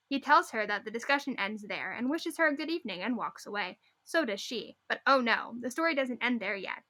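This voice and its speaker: Female podcast co-host, higher pitch, crisp bright tone, emphatic casual reader. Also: lively intonation, a little fast, few pauses. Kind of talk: casual chat, reading stories aloud.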